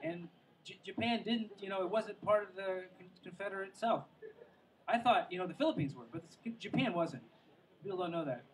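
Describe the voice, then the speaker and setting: A man's voice: high voice, fairly quick, far from the mic, a little hiss or hum, low-quality recording. A man doing a stand-up comedy set outdoors by the water, rambling and self-mocking, drifting into asides and tripping over his own words. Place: outdoor show near the water.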